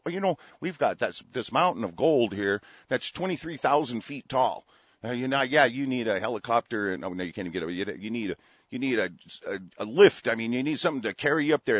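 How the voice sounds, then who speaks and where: A man hosting a talk radio show, ranting angrily and profanely, swinging from shouting to muttering. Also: mid-range voice, husky, dry recording. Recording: dull, dry lo-fi radio audio.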